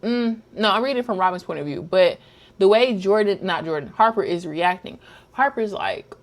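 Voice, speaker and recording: A young woman vlogger chatting casually, retelling a book's plot and acting out the characters' lines. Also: on the high side. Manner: animated storytelling, acts out characters' lines. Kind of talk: casual chat recapping a book.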